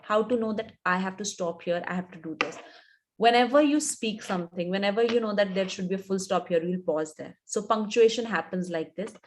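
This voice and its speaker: A woman's voice: mid-range voice, brisk. A woman with an Indian English accent, an image coach in her thirties, giving instructive advice in a live webinar and repeating her points for emphasis.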